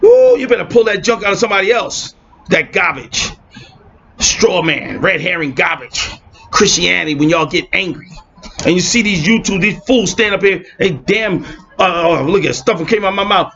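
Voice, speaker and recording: A man in an impassioned religious rant, streetwise and mocking, swinging between shouting and muttering. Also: sits high, lively intonation, moderate pace, creaky. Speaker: religious video blogger. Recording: muffled lo-fi with faint hiss.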